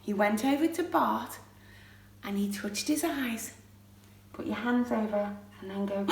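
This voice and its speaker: A children's church leader tells a Bible story to preschoolers, animated and frequently asking them questions. Her voice is on the high side and slow-paced, picked up by a distant mic in a roomy space.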